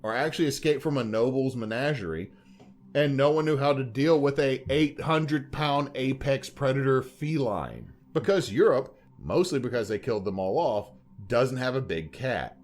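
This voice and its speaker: A man's voice: mid-range voice, expressive, normal speed. A man co-hosting a podcast in casual chat, rambling and joking as he talks. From Louisiana. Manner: rambling, joking, puts on silly voices. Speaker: podcast co-host.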